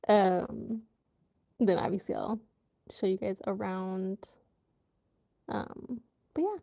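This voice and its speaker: A woman from the USA hosts a relaxed livestream from home and talks in a loose, rambling way full of ums and likes. Her voice is mellow and dark, with a gravelly fry underneath. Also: medium pitch, unhurried, pauses often. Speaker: livestream host. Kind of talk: casual live chat with viewers.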